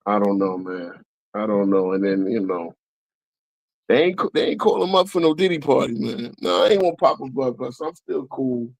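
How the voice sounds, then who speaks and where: A man co-hosting a live sports watch-along, chatting casually and getting excited when plays go wrong. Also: moderate pace, gravelly, no room sound, poor audio. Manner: excitable, jumps up in pitch when frustrated. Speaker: live stream co-host.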